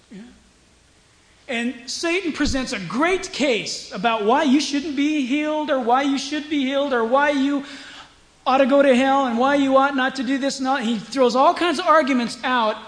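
Storytelling preacher man with a high voice. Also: a little hiss or hum, rough recording. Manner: storytelling, swings from hushed to loud and emphatic. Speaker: pastor. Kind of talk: sermon.

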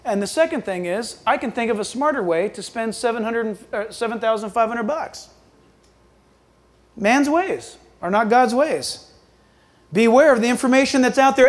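A man preaching a sermon, swinging between loud, quick bursts and hushed, low asides. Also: animated. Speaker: pastor.

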